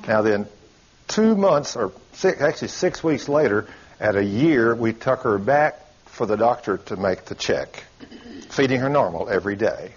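An older man, preaching a sermon in a folksy, emphatic storytelling way, his voice a little husky. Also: fairly low pitch, expressive, moderate pace, highs cut off.

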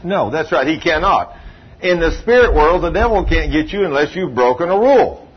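A man's voice: fairly high pitch, animated, normal speed, slightly rough. A man preaching a sermon, telling stories in a folksy, emphatic, drawling way. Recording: muffled lo-fi sermon recording with faint hiss.

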